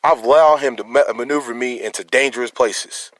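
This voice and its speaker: Brisk and medium-pitched with a fairly bright tone, a man speaks on a dry recording as a concerned citizen. In an emotional personal monologue he rambles, restarts his words, and challenges his audience.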